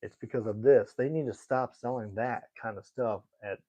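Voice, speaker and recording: Brief: young man, indignant rambling streamer, mid-pitched, tinny lo-fi audio. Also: normal speed, warm tone. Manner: indignant, rambling, talks straight to chat. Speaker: livestreamer reading chat. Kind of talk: casual live chat.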